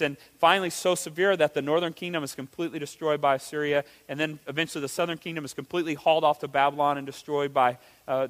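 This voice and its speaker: A man preaching a sermon with animated delivery, asking rhetorical questions and acting out quotes. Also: a little high. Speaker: pastor. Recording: reverberant hall.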